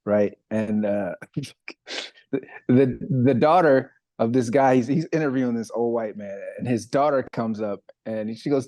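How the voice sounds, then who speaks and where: A man's voice: medium pitch, normal speed, warm tone, dry recording. Laughing man on a podcast video call. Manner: laughs often, reads sponsor plug. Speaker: podcast co-host. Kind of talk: casual comedic chat. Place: recorded remotely over video call.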